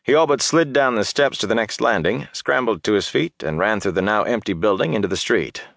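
A man narrating a fantasy audiobook in a steady, measured storytelling voice. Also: lowish voice, creaky, no echo, clean studio sound.

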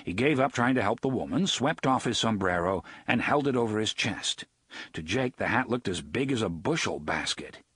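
A man narrating a novel as an audiobook in an expressive storytelling read. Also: fairly low pitch, moderate pace, slightly rough, no room sound, studio quality. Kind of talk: scripted narration.

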